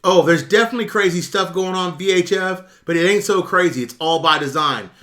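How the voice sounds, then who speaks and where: Talking a little fast in a high, slightly bright voice, this middle-aged YouTube currency commentator from the United States answers viewers during a casual livestream rant, blunt and full of swearing.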